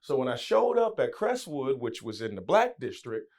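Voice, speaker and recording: Animated man telling stories. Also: medium pitch, moderate pace. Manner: animated, slips into voices, restarts. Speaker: guest. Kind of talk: storytelling interview.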